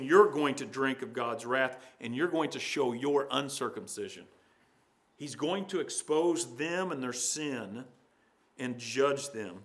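A man preaching a sermon, explaining scripture verse by verse, asking the congregation questions and swinging between quiet and emphatic moments. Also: fairly high pitch. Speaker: addresses children in the audience.

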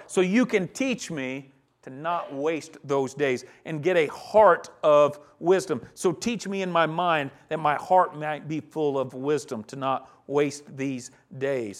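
A pastor preaching a sermon on a psalm, earnest and swelling to emphatic peaks, with soft chuckles between points. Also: male voice, a little high.

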